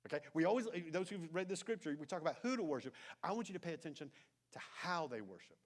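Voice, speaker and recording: A man preaching a sermon as pastor, telling a story with animated emphasis and then dropping into soft, intense asides. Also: on the high side, very fast. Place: church sanctuary.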